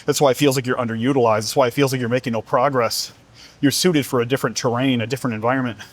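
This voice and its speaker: A man speaks earnestly in a motivational talk, pressing the listener with repeated rhetorical questions. His voice sits at a middle pitch, and he has the direct manner of a fitness coach. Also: steady tone, rapid-fire.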